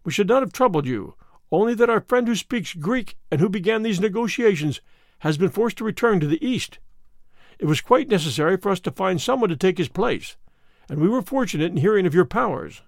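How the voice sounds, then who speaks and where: A man reading an audiobook, voicing a sinister older male kidnapper who makes smooth, veiled threats. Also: high-pitched, lively intonation, a little fast, dry recording, clean studio sound. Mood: coldly polite. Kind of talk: audiobook character voice.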